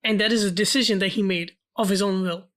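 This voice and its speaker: A woman's voice: medium pitch, steady tone, quick pace. A woman co-hosting a film podcast, speaking earnestly in casual chat with hesitant restarts. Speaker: podcast co-host.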